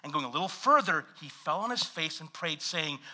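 A male pastor preaching in an animated, storytelling way, moving between scripture reading and humorous anecdotes. His voice is high and very bright, and his pitch leaps around expressively. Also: fairly quick, hardly any pauses. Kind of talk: sermon.

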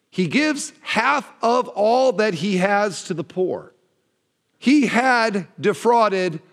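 Animated preaching man in a reverberant hall. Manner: animated preaching, voice dropping low at phrase ends. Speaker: pastor. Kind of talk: sermon.

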